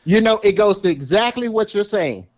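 A man's voice: sits high, expressive, moderate pace. A man from the American South in casual chat, emphatic, laughing and swearing.

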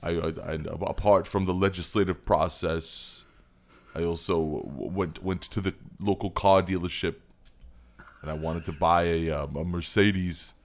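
A man's voice: deep voice, steady tone, unhurried. A man doing a pompous, self-pitying senator. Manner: earnest mock-serious delivery. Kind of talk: comedic impression.

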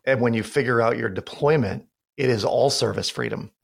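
A man's voice: medium pitch, a little fast, vocal fry, slightly rough. A man talking as a podcast guest and financial expert, telling stories earnestly in casual conversation. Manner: storytelling with quoted dialogue, earnest.

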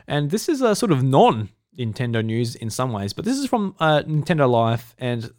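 A man's voice: mid-range voice, sing-song, moderate pace, darkish tone, dry recording, clean studio sound. A man with an Australian accent hosting a solo podcast in a casual, rambling way, full of fillers and restarts. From South Australia. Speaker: podcast host.

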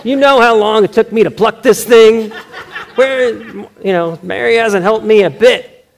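A frantic, demanding hostess squeals in a high, shrill falsetto as a preacher puts her on. She complains loudly and laughs through her own outrage. The voice is pitched far above the speaker's own. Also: a little slow, gravelly, long reverb tail, slight background noise. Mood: indignant. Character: exasperated busy woman host, frantic and demanding. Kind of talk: mock dramatic reading in a sermon.

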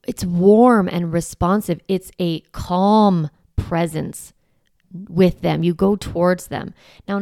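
Woman podcast host, parenting coach, gravelly edge, dry close sound, earnest and gentle. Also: fairly low pitch, dry recording. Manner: earnest, gentle, explains with examples and fillers. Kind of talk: conversational advice podcast.

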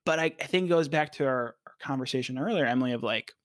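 Brief: male podcast co-host, mid-pitch, dry close sound, explainer who keeps asking "right?". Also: quick pace, a bit bright, no room sound. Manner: explanatory, often checks in with "right?". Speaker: podcast co-host, behavior analyst. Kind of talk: casual podcast discussion.

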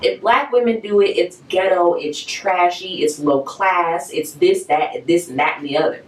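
A woman's voice: lowish voice, moderate pace. Profane, outspoken woman in an echoey room. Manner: blunt, profane, animated. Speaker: podcast co-host. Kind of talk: casual chat. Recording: roomy, mic at a distance.

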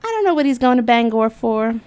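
A woman casually telling a personal story in an animated, giggly way, with lots of "like" and "you know". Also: on the high side, a little fast, clear, resonant tone. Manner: animated, giggly, with frequent fillers like "like".

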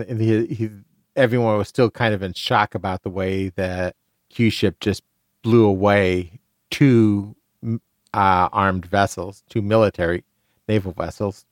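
A man's voice: lowish voice, dry recording, studio quality. A man co-hosting a book discussion podcast, talking hesitantly with many stammered restarts. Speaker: podcast co-host.

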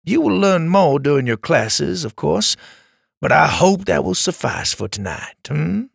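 A man voicing a calm, wise male camp leader who explains at length in a measured way. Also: on the high side, creaky, husky, dry recording, clean studio sound, voice pushed up, heavily acted. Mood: explaining.

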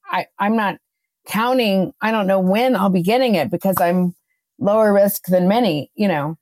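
A woman co-hosting a podcast, chatting casually and telling a lively story, acting out her own quotes. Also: mid-range voice, normal speed, dry recording. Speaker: podcast co-host.

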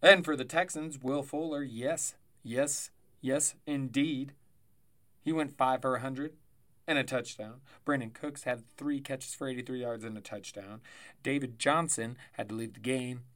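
A man's voice: mid-range voice, steady tone, measured pace, a bit bright. Tired guy rambling thru football stats on his podcast, chatty, keeps correcting himself. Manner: rambling, chatty, self-correcting with asides and laughs. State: tired, yawning. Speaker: fantasy football podcast host. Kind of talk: casual solo sports podcast.

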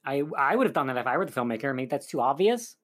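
Man, casual film recap, chatty, rambling, full of filler words, mid-pitched voice. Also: big pitch swings, fast, a bit bright. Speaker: film reviewer.

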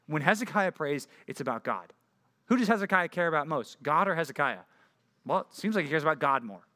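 A young man preaching a youth sermon, energetic and jokey, often checking in with "right?". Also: a little high, a little fast. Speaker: youth pastor.

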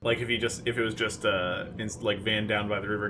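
A man's voice: on the low side, little pitch movement, pushed and bright, a little hiss or hum. A man co-hosting a podcast in casual chat, talkative and opinionated, restarting his sentences often. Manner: chatty, halting restarts, opinionated. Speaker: podcast co-host.

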